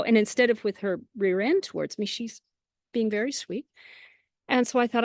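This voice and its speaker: A woman's voice: fairly low pitch, moderate pace, no echo, studio quality. Chatty woman telling animal stories. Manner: chatty, lively anecdotes with quoted asides; laughs often between phrases. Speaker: interview guest. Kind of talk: casual storytelling.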